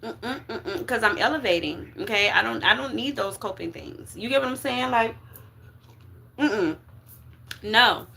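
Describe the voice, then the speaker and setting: Here the woman's voice sits a little high, animated and a little slow, with vocal fry and a pushed, bright quality, plus a faint hiss or hum in the audio. She's giving viewers a casual spiritual reading, slangy and emphatic, checking in with "okay?" and "you get what I'm saying?"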